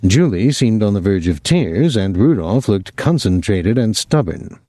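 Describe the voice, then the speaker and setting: A male audiobook narrator telling the story in an even, measured way. His pitch moves in a lively way and his tone is dark and mellow. The recording is dry and close. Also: no room sound.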